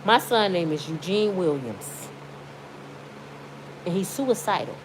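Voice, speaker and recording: In this personal vlog, a middle-aged woman from Michigan who makes YouTube videos rants from her bed at home, outspoken and pleading as she shifts from indignant to weepy. She talks slowly in a sing-song voice on the low side, against a noisy background.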